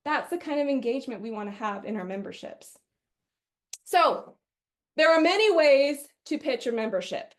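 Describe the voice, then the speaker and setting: High-voiced energetic woman trainer. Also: moderate pace. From Wisconsin. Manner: energetic, chatty, often acts out quoted customers. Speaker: sales trainer. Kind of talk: webinar training talk.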